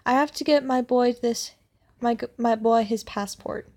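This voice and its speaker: Woman doing a loud, high, entitled mother; indignant yelling, storybook villain. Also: fairly even intonation, moderate pace, natural voice. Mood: demanding. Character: pushy entitled middle-aged mother, shrill and demanding.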